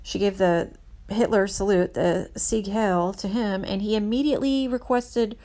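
A woman tells a piece of history in a slow, unhurried voice, pausing and restarting as she checks her notes. Her tone is earnest and emphatic. She has a mid-range voice and a casual, conversational delivery. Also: medium pitch, fairly even intonation, mellow.

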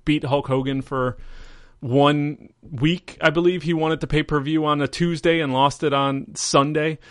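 A man's voice: fairly high pitch, fairly even intonation, a little slow, no echo, clean studio sound. A man hosting a podcast, telling stories in a rambling, casual way full of fillers. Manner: rambling, filler-heavy storytelling. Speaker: podcast host. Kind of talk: casual chat.

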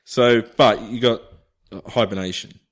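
A man's voice: fairly low pitch, steady tone, a little slow. A man co-hosting a podcast, posing hypothetical scenarios in casual, playful banter and laughing often. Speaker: podcast co-host.

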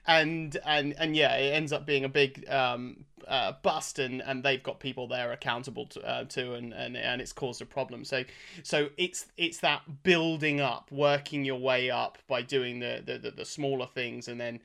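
A man's voice: mid-range voice, steady tone, moderate pace, gravelly, bright, forceful tone. A man hosting an interview, often repeating words and stumbling over his phrasing as he reacts and asks questions. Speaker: interview host. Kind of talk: casual interview.

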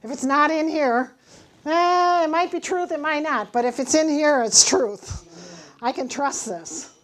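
A woman's voice: sits high, measured pace, a bit bright. A middle-aged woman giving an earnest church testimony, teaching from scripture and telling her story with emphatic, acted-out dialogue.

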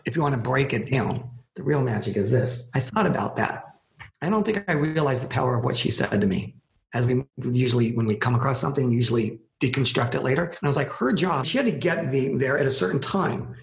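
A man with a gravelly, creaky voice tells a story as a podcast guest, animated and conversational. He acts out the lines people said to him. The sound bounces around an echoey room. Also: mid-range voice, brisk. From Los Angeles.

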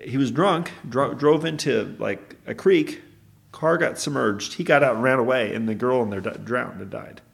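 Speaking at normal speed with a medium pitch and some vocal fry, a podcast co-host rambles casually through his stories. He often goes back and fixes what he just said.

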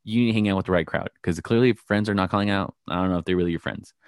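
Young man, casual chat, rambling, profane, low voice, dry sound. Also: rapid-fire, clean tone, no echo. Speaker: podcast co-host.

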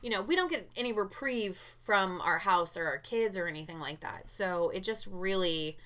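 A woman's voice: mid-range voice, expressive, normal speed, bright, forceful tone. A woman chatting casually, telling stories candidly and swearing freely. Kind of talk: casual chat.

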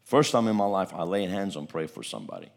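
A man's voice: sits low, wildly swooping pitch, fast, vocal fry. A man preaching a testimony sermon, telling a story with repeated words and a voice that swells at its peaks.

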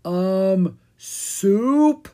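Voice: mid-range voice, lively intonation, drawn-out words, warm tone, voice pushed up. A reader voicing a jumpy, complaining young male dragon in a children's storybook, squealing when scared. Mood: mock groaning.

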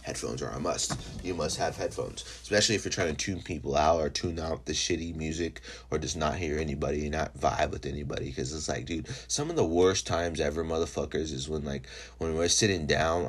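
Deep-voiced rambling podcast host. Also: male voice, fairly bright tone, slightly rough. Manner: rambling and profane, full of fillers. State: high. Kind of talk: casual solo podcast monologue.

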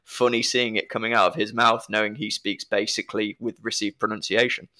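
Male panelist, bright tone, amused and chuckling. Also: on the low side, little pitch movement, brisk. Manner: amused, laughing, reflective. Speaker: podcast panelist. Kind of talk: casual film review chat.

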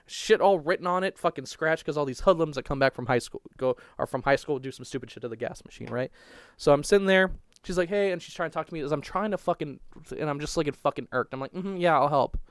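A young man chatting in a crude, profane podcast ramble, hurrying through his stories and stumbling over restarts. His voice is clean and smooth. The recording is dry and close, with no room sound. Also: on the high side, no room sound. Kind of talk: crude casual storytelling.

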